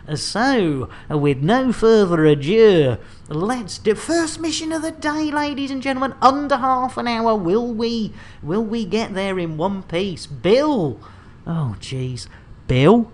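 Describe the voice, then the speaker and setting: A woman's voice: mid-range voice, darkish tone. A woman hosting a live game stream, bantering with viewers in a chatty, jokey way. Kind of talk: live gameplay commentary.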